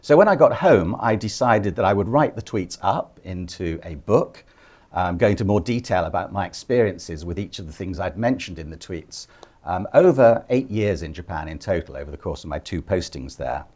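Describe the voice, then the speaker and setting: Speaking as a guest at a relaxed public event, this older former ambassador from the United Kingdom tells stories at an easy pace. His voice sits fairly low, and his humor is dry and understated.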